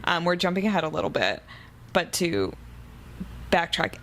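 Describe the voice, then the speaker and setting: A woman's voice: lowish voice, very animated, moderate pace, fairly bright tone, a little hiss or hum, poor audio. A woman co-hosting a casual book podcast, recapping the plot eagerly. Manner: chatty, recapping the plot with enthusiasm. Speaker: podcast co-host.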